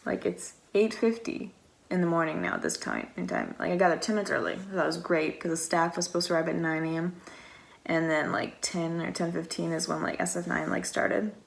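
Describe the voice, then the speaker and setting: A woman's voice: on the low side, expressive, fairly quick, vocal fry. A young woman from the United States telling a long story in a casual, rambling vlog style, with lots of "like" and acted-out quotes. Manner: rambling and chatty, heavy use of "like"; acts out quoted exchanges. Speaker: vlogger.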